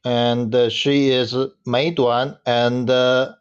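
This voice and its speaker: A man in his thirties, a native Chinese speaker, answering in hesitant, halting English on a video call. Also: medium pitch, level tone, clean tone. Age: 30s. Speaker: guest. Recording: dull lo-fi call audio.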